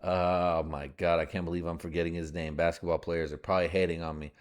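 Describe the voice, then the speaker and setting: Podcast host, man, 30s, lowish voice, loose profane rambler who laughs through his own jokes. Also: little pitch movement, fast talker. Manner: rambling, joking, laughs often, swears a lot; breaks into put-on voices for bits. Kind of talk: crude casual monologue.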